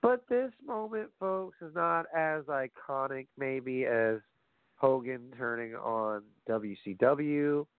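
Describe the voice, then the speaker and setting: A man ranting casually about wrestling, profane and animated, addressing his audience directly. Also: mid-range voice, dry recording. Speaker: wrestling commentary host. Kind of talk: casual opinionated wrestling talk. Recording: phone-like lo-fi audio, dry.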